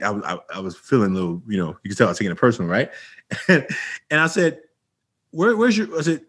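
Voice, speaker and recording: A man from Oakland, California, with a husky, slightly rough voice at a middle pitch, telling a story as a podcast guest. He talks casually and acts out the people in his story with sudden high jumps in pitch. He keeps restarting his sentences and fills them with "you know" and "right". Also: fast talker. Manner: animated, acts out quoted dialogue with jumps in pitch.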